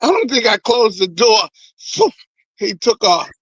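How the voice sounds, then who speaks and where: High-voiced man telling a comic testimony. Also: measured pace, husky, no echo, lo-fi sound. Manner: animated, repeats words, laughs. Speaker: guest comedian.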